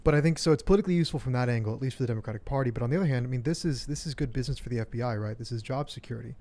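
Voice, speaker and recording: A man appearing as a guest commentator on a talk show, making a measured argument in a dry, sarcastic way. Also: mid-range voice, warm tone.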